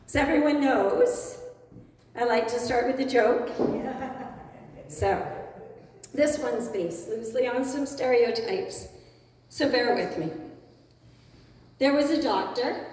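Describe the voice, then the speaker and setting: A woman's voice: fairly high pitch, darkish tone. A woman telling a joke to a congregation as a playful storyteller, laughing along with her own punchlines. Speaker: speaker at a spiritual center service. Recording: echoey hall, voice from far off.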